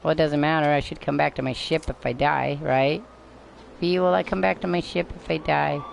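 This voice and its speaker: A woman's voice: low-pitched, steady tone, moderate pace, vocal fry, a little hiss or hum. An older woman rambling through live gameplay commentary, chatting to herself and her viewers and swearing now and then. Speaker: game streamer. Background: game music.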